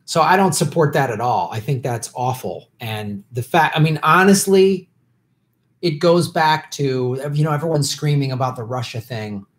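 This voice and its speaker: A man's voice: medium pitch, moderate pace. A man hosting a casual live stream, reading viewer questions and answering in an opinionated, heated way with many restarts.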